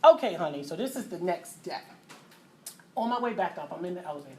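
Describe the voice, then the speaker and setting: A middle-aged woman, telling a personal story as a mother. She talks in a lively way, acting out voices and sound effects with loud bursts. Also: on the low side, fast talker, slight background noise. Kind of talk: animated storytelling to an audience.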